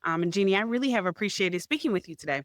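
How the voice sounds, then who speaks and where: A woman hosting an interview podcast, affirming her guest warmly with repeated short praise. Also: medium pitch, animated, very fast, no room sound, clean studio sound. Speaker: podcast host.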